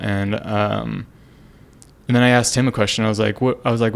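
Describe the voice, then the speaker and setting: A man's voice: lowish voice, monotone, a little fast, vocal fry, fairly bright tone. A young man sharing a personal story on a casual podcast, earnest and rambling with many fillers and restarts. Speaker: podcast co-host.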